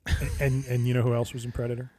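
A man's voice: mid-range voice, little pitch movement, fast, warm tone, dry recording, studio quality. A man co-hosting a casual podcast, with supportive interjections and frequent chuckles. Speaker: podcast co-host. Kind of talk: casual chat.

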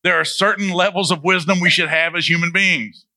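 Preacher guy telling the story loose and joking, super bright crisp voice, kinda high, dry close sound. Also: steady tone, brisk, no echo. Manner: casual, humorous, asks the audience questions. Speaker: pastor. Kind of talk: sermon, conversational storytelling.

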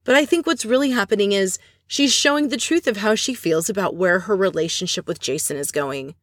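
A woman's voice: medium pitch, brisk, no room sound, studio quality. A woman hosting a podcast, chatting casually as she recaps scenes and adds opinionated asides. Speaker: podcast host recapping a reality show.

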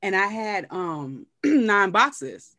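Animated woman telling a story, dry sound. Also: extremely slow, no room sound. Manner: animated storyteller, acts out quotes in shifting pitch. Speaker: guest comedian. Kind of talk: casual storytelling chat.

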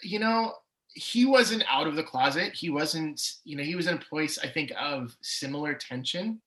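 A man's voice: fairly high pitch, normal speed, a bit bright, poor audio. A man in his forties, a podcast guest, telling his personal story with candor and swings of emotion. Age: 40s. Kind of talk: personal testimony in an interview.

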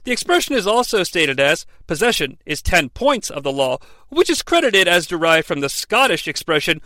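A man with a high, bright voice tells the story with heavy sarcasm and the odd swear word. His sound is dry and close, with no room around it. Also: sing-song, a little fast, few pauses, no room sound. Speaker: podcast host recapping wrestling. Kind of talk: comedic recap with quoted impressions.

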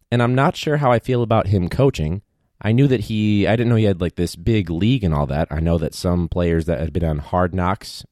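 Low-voiced guy teacher rambling wryly, cussing here and there, dry close sound. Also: mellow, no room sound. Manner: wry, rambling, swears freely. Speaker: high school teacher. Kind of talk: casual vlog monologue.

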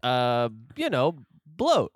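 A man hosting a comedy podcast in a studio, gravelly from smoking, rambling with many fillers and laughs. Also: mid-range voice, wildly swooping pitch, very slow, no room sound. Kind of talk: casual comedy chat.

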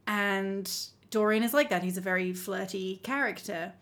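Woman telling a lively anecdote. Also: mid-range voice, moderate pace. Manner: animated, laughing often, acting out quoted lines. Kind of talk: casual storytelling chat.

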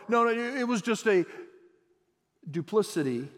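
High-voiced preacher in an echoing hall. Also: male voice, moderate pace. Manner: animated and conversational, with repeated restarts and jokes. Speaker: pastor. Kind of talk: sermon.

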